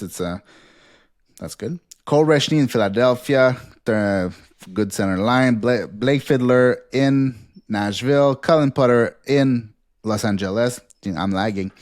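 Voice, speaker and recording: A man hosting a casual podcast, rattling through a list quickly, with filler words and bursts of laughter. His voice sits at a middle pitch. The sound is dry and close. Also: darkish tone, dry recording. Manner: rapid rundown with fillers and laughs. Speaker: podcast host.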